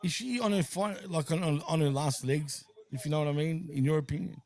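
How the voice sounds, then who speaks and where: A man's voice: a little high, a little fast, darkish tone. Laid-back swearing man on a stream. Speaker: host. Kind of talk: casual chat on a wrestling watch-along stream.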